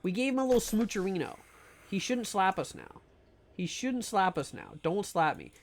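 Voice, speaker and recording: A man's voice: high-pitched, very animated, normal speed. Guy streaming a game, goofy rambly chat, trips over his words a lot. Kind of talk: casual live gameplay commentary.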